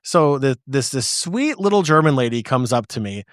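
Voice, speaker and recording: An American man co-hosting a podcast, telling stories in an animated, casual way with frequent restarts. His voice sits at a middle pitch, and the recording is dry and close on a studio mic. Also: moderate pace, dry recording. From United States. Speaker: podcast co-host. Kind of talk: casual chat, storytelling.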